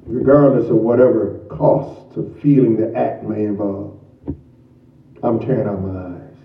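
A man's voice: lowish voice, steady tone, unhurried, creaky. A man preaching a sermon, emphatic and repeating key phrases for weight. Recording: roomy, distant, dull sound.

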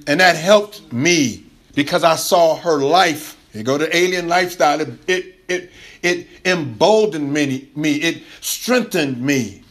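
A man's voice: on the high side, measured pace. A male pastor preaching a sermon in a loose, conversational way. He laughs often and keeps restarting his phrases. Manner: animated, laughing colloquial preaching with many restarts.

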